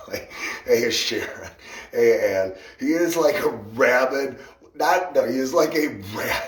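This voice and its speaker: A man's voice: medium pitch, slow pace, distant mic. Rambling man livestreaming in an echoey room. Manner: rambling, laughing often, greets commenters by name. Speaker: livestream host greeting viewers. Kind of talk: casual livestream chat. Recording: echoey room, voice a bit off-mic.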